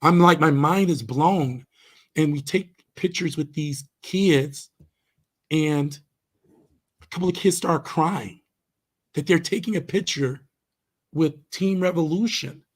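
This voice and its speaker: A man's voice: on the high side, slow pace, pauses often, slightly rough. A man, a karate instructor, talking as a guest on a podcast, telling stories earnestly with many fillers and restarts. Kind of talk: casual storytelling interview.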